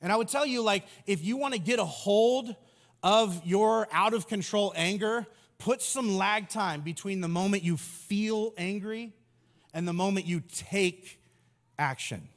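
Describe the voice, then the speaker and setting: A man's voice: high-pitched, unhurried. A man in his thirties preaching a humorous sermon as pastor, acting out little voices and jokes as he goes. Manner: humorous, acts out voices of people and Jesus. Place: large church hall. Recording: long hall reverb.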